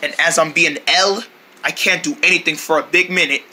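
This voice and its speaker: Male storyteller, high and very bright, playful run-on story skit. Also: fairly even intonation, a little fast. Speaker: storyteller voicing a character. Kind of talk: rambling first-person story skit.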